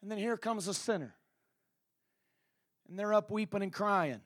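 A man preaching a sermon in a dramatic, impassioned storytelling manner, often shouting. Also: high-pitched, moderate pace, dry recording, clean studio sound.

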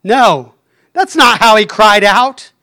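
Male preacher, sermon, fervent, frequent amens, high voice, smooth. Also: takes it slowly, pushed and bright. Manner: fervent, punctuates phrases with "Amen".

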